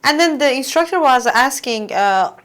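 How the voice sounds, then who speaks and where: A young woman hosting a casual podcast, chatting and telling personal stories. Her voice sits somewhat high, and she talks freely in a conversational flow. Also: animated, normal speed, fairly bright tone. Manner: chatty, storytelling, acts out quoted lines. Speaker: podcast host.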